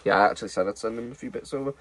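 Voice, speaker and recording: A young online reseller shows off the secondhand football shirts he's selling in a casual, rambling haul chat. His mid-range voice races along with a fairly bright tone.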